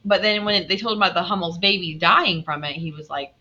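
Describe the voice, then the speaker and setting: A woman teacher reading a novel aloud to her class, expressive, stopping to quiz her students. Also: lowish voice, brisk, hardly any pauses, muffled recording.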